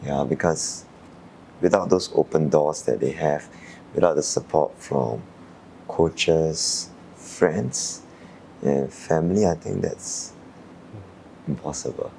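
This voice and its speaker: A young man from Singapore, an Olympic sailor, calmly recalling his qualifying race in an interview, thoughtful with frequent fillers. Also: a bass voice, takes it slowly, creaky, long pauses, a little hiss or hum. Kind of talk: reflective interview answers.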